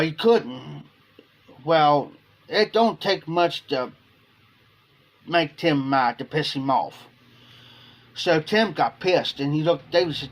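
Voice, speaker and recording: A man hosting a casual livestream, telling a long story to his chat and repeating "I said" as he goes. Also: on the high side. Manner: rambling, repeats "I said" while retelling. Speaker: livestream host.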